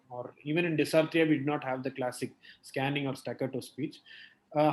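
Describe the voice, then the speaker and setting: Man teaching, fairly high voice. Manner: questioning, explains step by step with frequent "right?" and "you know". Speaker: pediatrics teacher leading a case discussion. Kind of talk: clinical teaching discussion.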